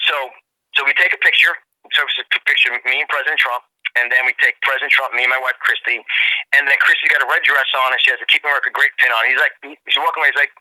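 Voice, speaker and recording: An eager man tells a story as an interview guest, tumbling through his words quickly and looping back on himself. His voice is sharp and forceful. The sound is close and dry, with no room around it. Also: medium pitch, steady tone, dry recording, poor audio. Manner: gushing, enthusiastic, many word repeats and restarts. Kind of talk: excited storytelling in a radio interview.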